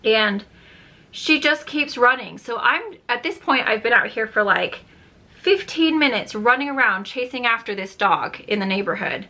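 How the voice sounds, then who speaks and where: A young woman talks to camera while putting on makeup, chatty and animated as she tells an exasperated story. Her voice sits a little high and rings bright and forward. It is close, casual vlog speech. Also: normal speed. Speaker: beauty vlogger.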